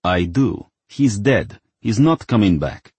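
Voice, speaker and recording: A man's voice: fairly low pitch, animated, takes it slowly, a little mellow, slightly rough, no echo, full character voice. A man doing a curt, stern servant. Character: stern, terse male servant.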